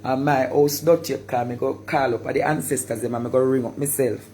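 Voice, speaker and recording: A man from Jamaica with a Jamaican accent, ranting animatedly on a live stream, repeating words and bursting into shouts. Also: medium pitch, fairly even intonation, brisk, slight background noise. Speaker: social media personality.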